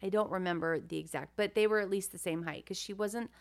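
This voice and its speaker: A woman's voice: mid-range voice, quick pace. A woman co-hosting a podcast, telling a family story in a chatty, wry way and thinking aloud as she goes. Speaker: podcast co-host. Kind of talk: casual storytelling chat.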